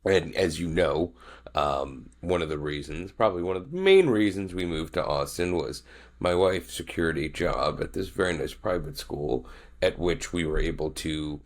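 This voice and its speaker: A man's voice: very deep voice, expressive, normal speed. A man co-hosting a podcast as a father, making wry jokes in casual chat. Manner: wry, joking asides.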